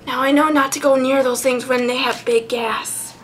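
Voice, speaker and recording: A woman's voice: high voice, little pitch movement, fairly quick, slight background noise. A young woman chatting casually as a vlogger, giggly, sounding out names and swearing freely. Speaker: card collection vlogger. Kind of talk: casual chat.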